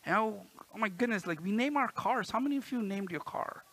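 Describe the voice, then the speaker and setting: A man's voice: sits high, expressive, fairly quick, a bit bright, rough recording. A man in his thirties preaching a sermon in a church, chatty and playful, often asking the congregation "right?" and acting out quotes. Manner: playful, acts out quotes with a raised voice. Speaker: pastor.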